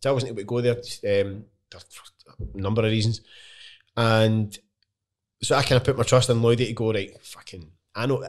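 A man's voice: mid-range voice, little pitch movement. A Scottish man chatting casually as a guest songwriter, stumbling over his words and restarting often, with plenty of swearing. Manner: halting, many restarts, swears freely. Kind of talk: casual chat.

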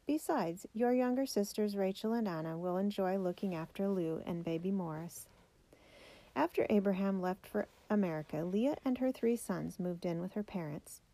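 A woman reading a children's biography aloud in a measured, steady way. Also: medium pitch. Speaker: narrator.

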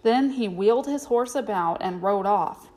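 A woman narrating a children's storybook aloud in a steady storytelling manner. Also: medium pitch, normal speed.

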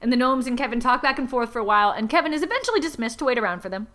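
High, bright-voiced sarcastic woman. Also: racing. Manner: sarcastic, deadpan asides while summarizing. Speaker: podcast host reading a story aloud. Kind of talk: comedic recap podcast.

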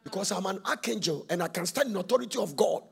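An impassioned male preacher delivers a sermon, swinging between shouts and sung phrases. His voice sits high for a man and is heavily gravelly and husky. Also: expressive, fast.

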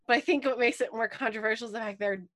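A young woman in casual podcast chat, chatty and quoting others in quick asides. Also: fairly high pitch, fairly even intonation, fairly bright tone, dry recording. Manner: chatty, quotes people in asides.

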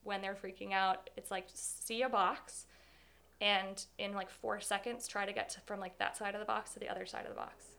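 A woman's voice: medium pitch, level tone, moderate pace, vocal fry, sharp tone. A young woman telling a personal story in an interview, candid and rambling, full of fillers.

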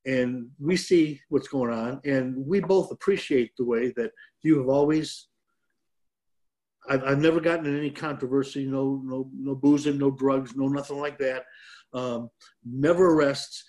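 A man's voice: medium pitch, steady tone, measured pace, darkish tone. An older man from Detroit, a former pro wrestler, telling a rambling, self-deprecating story as a guest on a chat show. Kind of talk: casual storytelling.

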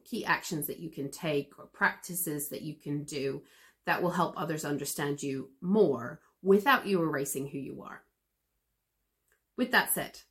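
A woman teaching pronunciation in a podcast lesson, calm and encouraging in a conversational way. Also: sits low. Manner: calm, encouraging, explains at an even conversational pace. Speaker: English teacher.

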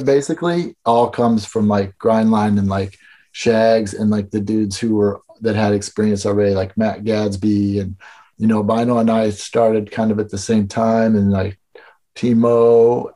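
A man's voice: lowish voice, warm tone. A man telling stories in a casual interview, loose and rambling, full of fillers and swearing. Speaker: guest. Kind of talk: casual storytelling chat.

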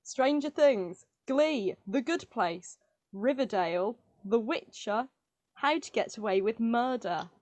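A woman co-hosts a casual podcast and reads quiz questions aloud. She is bubbly and giggly, with a fairly high voice. The sound is dry and close. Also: animated, slow, a little mellow, dry recording. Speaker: co-host.

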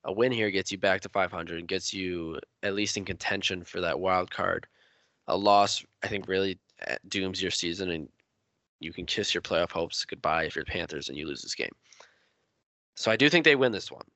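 A man's voice: low voice, moderate pace, pushed and bright, no echo. A man hosting a casual sports podcast, giving his picks and handing the floor to each guest. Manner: leads the talk, hands off to each guest. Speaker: podcast host.

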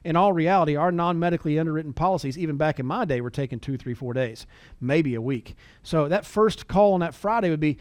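A man's voice: fairly high pitch, animated, a little fast, a little mellow, no room sound. A middle-aged man giving a conversational sales training talk, folksy and full of anecdotes, often repeating words as he acts out calls to clients.

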